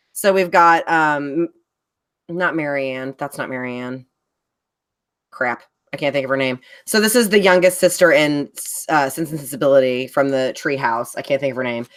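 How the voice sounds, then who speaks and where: A woman's voice: sits low, a bit bright. A woman speaking as a guest in a casual chat on a live stream, rambling along with lots of fillers as she shows her designs. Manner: chatty, rambling, many fillers.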